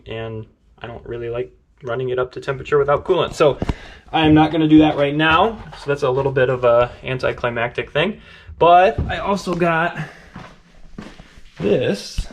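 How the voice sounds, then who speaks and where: A man casually narrating his truck build in a garage, rambling with lots of fillers and upbeat asides. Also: mid-range voice. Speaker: car build vlogger.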